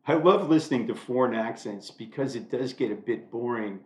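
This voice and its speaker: A man's voice: medium pitch, measured pace. An older man from the United States giving a wry, self-deprecating monologue to camera from a room at home. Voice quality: dry, self-deprecating humor. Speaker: vlogger. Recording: echoey room.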